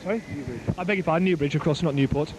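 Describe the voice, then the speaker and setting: A man giving live play-by-play rugby commentary outdoors at a ground, excitable and joking, his voice climbing as the play builds. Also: on the high side, racing. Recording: noisy outdoor amateur recording.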